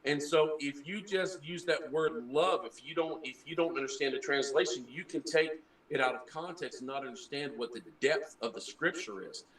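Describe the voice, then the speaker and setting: A man's voice: on the high side, normal speed, fairly bright tone, echoey room, recorded from a distance, low-quality recording. A man who trained as a preacher, earnestly explaining things in a casual group chat and often restarting his words. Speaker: former preacher.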